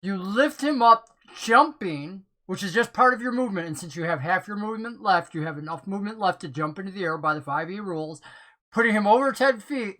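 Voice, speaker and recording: A game master narrating a tabletop game, excitable and often laughing, with plenty of ums and whatnots. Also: medium pitch.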